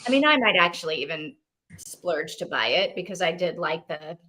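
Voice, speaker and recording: Lively bright-voiced woman hosting. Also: on the low side, normal speed, a little hiss or hum. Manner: animated, rambling with many fillers. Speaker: book club host. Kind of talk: casual livestream chat.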